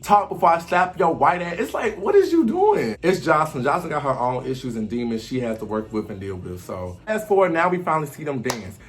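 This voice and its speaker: A man recapping a reality TV show in a casual commentary vlog, talking in an animated, slangy way and often acting out what people said. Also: mid-range voice.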